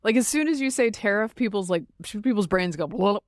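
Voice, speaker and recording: Animated woman podcast host, dry studio sound. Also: mid-range voice, brisk, dry recording. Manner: animated storytelling, laughs often. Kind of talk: casual chat.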